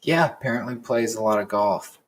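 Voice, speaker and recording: Male podcast co-host, very low voice, relaxed and jokey. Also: brisk. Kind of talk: casual chat.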